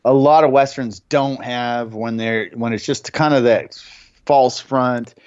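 A man hosting a podcast, telling film production anecdotes in a casual, halting way. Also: mid-range voice, fairly even intonation, a little mellow, smooth, dry recording, highs cut off. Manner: anecdotal, many restarts and fillers. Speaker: podcast host.

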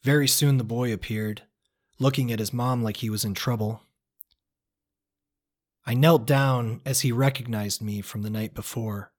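A man with a voice of ordinary middle pitch narrates his own travel story in the first person. His reading is measured and reflective, with a quiet earnestness as he muses on the people he met. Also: fairly even intonation.

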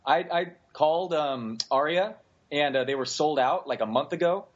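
A man's voice: fairly high pitch, moderate pace. Hesitant man on a dull, lo-fi line. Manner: hesitant, many filler sounds. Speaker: podcast co-host. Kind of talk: casual chat. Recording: dull lo-fi sound.

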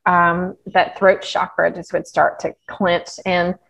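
Speaking slowly in a lowish, creaky voice, a woman guest on a podcast shares her health journey in a relaxed interview. A health practitioner, she tells her stories openly and with animation, laughing along the way.

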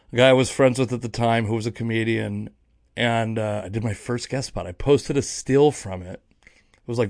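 A man's voice: mid-range voice, gravelly, dry recording. Young comedian guy rambling about his gigs, self-deprecating, super dry close sound. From Seattle area. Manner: rambling, self-mocking, restarts mid-sentence. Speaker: stand-up comedian, podcast host. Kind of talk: casual monologue.

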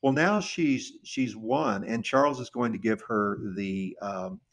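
A middle-aged man co-hosting a podcast, telling a history story in a casual, halting way with many restarts and repeated words. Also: mid-range voice, lively intonation, a bit bright. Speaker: podcast co-host.

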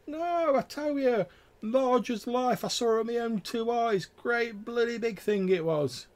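A man voicing an excitable rustic male trapper who rambles in folksy dialect. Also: very high-pitched, unhurried, pitched above the performer's own voice. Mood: excited. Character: boastful rustic male trapper telling a troll tale.

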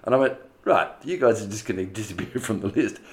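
Man, podcast host, low-pitched, casual rambling monologue, frequent laughs, casual swearing. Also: lively intonation, quick pace. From Australia. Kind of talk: casual monthly review monologue.

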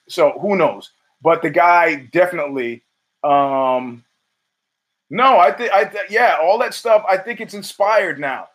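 A man's voice: a little high, a bit bright. A man hosting his own show, giving rambling, profane solo commentary full of restarts and fillers. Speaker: podcast host.

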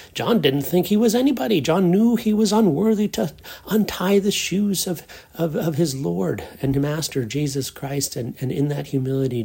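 A male preacher delivers a sermon with a rough, fry-edged voice. His tone is slightly breathy, and he talks earnestly, repeating words and phrases to press his points. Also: mid-range voice, a little mellow.

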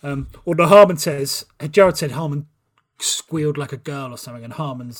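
A man talks football on a podcast, rambling through anecdotes with plenty of ums and restarts. His voice sits a little higher than most men's. The delivery is loose and conversational. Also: fairly quick. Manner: rambling, animated storytelling with many fillers. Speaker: podcast panelist. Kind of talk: casual football chat.

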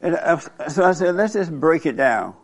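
An older man with a gravelly, somewhat raised voice hosts a casual talk show. He speaks bluntly and rambles through stories, laughing often as he talks. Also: a little high, animated, moderate pace.

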